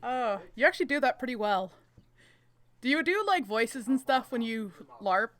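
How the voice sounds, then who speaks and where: A woman's voice: a little high, animated, moderate pace, a bit bright, no echo. A young woman in casual chat, telling anecdotes and laughing often. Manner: chatty, storytelling, laughs often.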